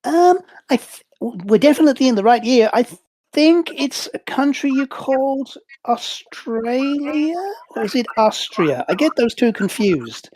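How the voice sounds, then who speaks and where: A man's voice: very high-pitched, very animated, measured pace, a little mellow, no room sound, voice pushed up, full character voice. A man voicing a cheery male telepathic computer that takes the form of a box, speaking in a raised voice and getting muddled. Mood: cheerful, muddled. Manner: chirpy, hesitant, easily confused. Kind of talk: tabletop role-play voicing.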